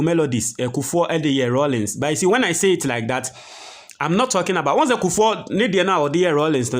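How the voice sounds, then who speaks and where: A man with a Ghanaian accent hosting an emphatic political news commentary and explaining documents he reads aloud. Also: on the high side.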